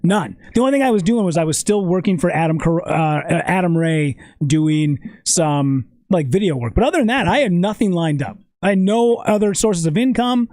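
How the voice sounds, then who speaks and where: A man telling a story in a casual podcast chat, animated and swearing often. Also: sits high, moderate pace, hardly any pauses, no room sound. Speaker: podcast guest.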